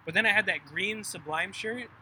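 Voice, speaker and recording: Casual young man, quick high voice, bright; rambling storyteller, light background noise. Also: rough recording. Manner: rambling storyteller, heavy swearing, acts out quotes. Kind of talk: casual chat among friends.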